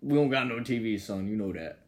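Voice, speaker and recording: A man's voice: on the low side, lively intonation, fairly quick, voice pushed down, close to an everyday voice. A man doing a stubborn Southern dad with a drawl. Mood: gruff scolding. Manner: exaggerated put-on Southern drawl. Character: rural Southern dad, stubborn, folksy and in denial. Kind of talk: comedy podcast improv bit.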